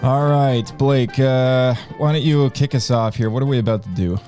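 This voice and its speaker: Mellow-voiced man hosting a podcast. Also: mid-range voice, normal speed, faint music behind. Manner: hesitant, many uh fillers. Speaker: podcast host. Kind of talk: casual podcast chat.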